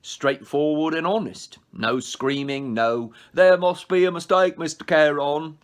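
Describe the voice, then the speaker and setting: A man voicing a smooth, greedy male ferryman of the dead in a put-on British accent, speaking slowly and mockingly. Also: fairly high pitch, voice pushed up, lightly acted. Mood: dryly amused.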